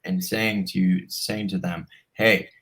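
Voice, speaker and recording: Brief: lowish gravelly man, husky edge, heated and swearing in casual chat. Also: a little fast, low-quality recording. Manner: heated, profane venting.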